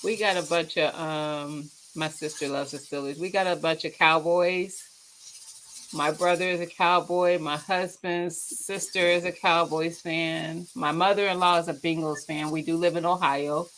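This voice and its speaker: Lively woman chatting football at home. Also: deep voice, a little slow, a little hiss or hum, low-quality recording. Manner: animated, trash-talking football fan. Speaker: cooking channel host. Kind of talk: casual livestream chat.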